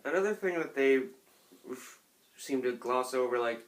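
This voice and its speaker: A man's voice: medium pitch, animated, normal speed. Man musing in casual podcast chat. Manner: musing, joking questions with many fillers. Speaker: podcast co-host.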